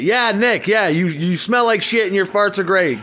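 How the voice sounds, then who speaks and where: A man vlogging an angry, profane rant, swinging between low muttering and loud outbursts. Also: normal speed, hardly any pauses.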